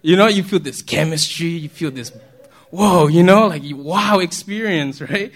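A man with a voice pitched a little above most men preaches in a loose, conversational way. He keeps checking in with the congregation through quick questions and chuckles easily. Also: a bit bright. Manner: chatty, asks the congregation questions, chuckles often. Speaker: pastor. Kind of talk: casual conversational sermon.

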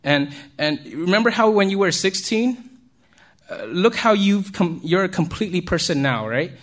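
A man delivers an easygoing sermon to young listeners in a voice that sits a little above the usual male range. He keeps it conversational, checking in with the group and chuckling softly between points. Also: high voice, expressive, moderate pace. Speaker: youth speaker. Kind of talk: informal sermon to young people.

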